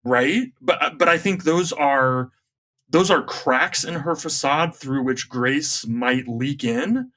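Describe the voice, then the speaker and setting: Bright-voiced reflective man. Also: a little high, takes it slowly. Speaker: podcast guest, writer. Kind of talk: casual discussion.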